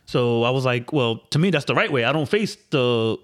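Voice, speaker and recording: A man's voice: medium pitch, animated, normal speed, a bit bright. A laid-back man co-hosting a podcast in casual chat. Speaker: podcast co-host.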